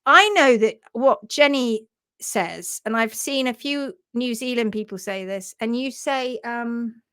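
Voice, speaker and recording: A hoof trimmer chatting casually on a live stream, her voice slightly high. She laughs often and reads viewers' comments aloud in a playful tone. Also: measured pace, a bit bright, clean tone.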